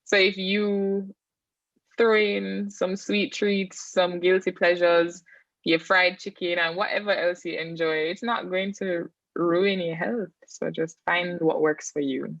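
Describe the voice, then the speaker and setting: A young Jamaican woman in her twenties speaks in a slightly low voice, calm and measured, and explains her points with examples. Her audio comes through a video call that sounds muffled and completely dry. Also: creaky, no room sound. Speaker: interview guest. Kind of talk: casual interview chat.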